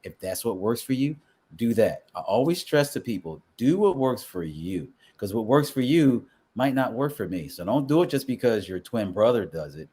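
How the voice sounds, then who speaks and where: A real estate broker talking casually on a live show, telling stories and acting out what people said. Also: male voice, mid-range voice, normal speed, breathy edge. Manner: animated storyteller, acts out quotes.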